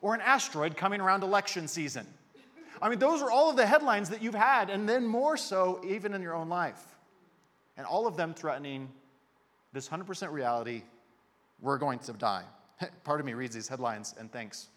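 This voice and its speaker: A man in his thirties preaching a sermon in a conversational, joking way with lively emphasis. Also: high voice, normal speed. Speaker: pastor. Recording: echoey hall reverb.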